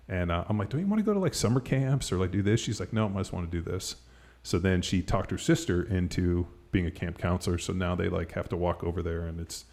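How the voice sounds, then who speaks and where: A middle-aged man hosts a podcast in loose, casual chat, circling his points with plenty of "like" and a stray curse. His voice sits very low with a gravelly edge. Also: darkish tone. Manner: rambling, heavy use of "like", casual swearing. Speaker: podcast host.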